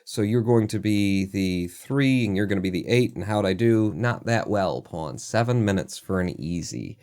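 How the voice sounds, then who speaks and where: Low-voiced man muttering through a puzzle. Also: lively intonation, normal speed, a little mellow. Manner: mutters numbers to himself, self-deprecating asides. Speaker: live streamer. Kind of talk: casual thinking aloud while playing a puzzle game.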